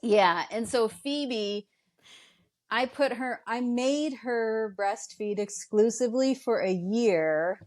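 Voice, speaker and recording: A middle-aged woman shares stories from early motherhood in a relaxed, conversational way. Her voice sits fairly high, and she leaps sharply upward in pitch whenever a memory turns emotional. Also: slow. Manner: animated, emotional retelling with dramatic pitch jumps. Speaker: guest mother. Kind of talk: casual storytelling.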